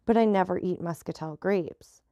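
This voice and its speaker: A woman's voice: on the low side, moderate pace, mellow, no room sound, dull audio, lightly acted. A woman reading as the Count, a guarded nobleman. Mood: reserved.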